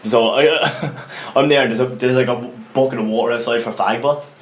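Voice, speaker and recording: A young man with an Irish accent, co-hosting a casual podcast and telling animated stories, laughing as he goes. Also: mid-range voice, normal speed. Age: young adult. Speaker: podcast co-host. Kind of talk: casual storytelling chat.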